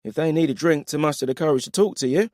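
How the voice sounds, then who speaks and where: A man's voice: on the high side, fast talker, darkish tone, no room sound, clean studio sound, pitched above the performer's own voice, lightly acted. A man voicing a grinning veteran male warrior with a wry, teasing manner.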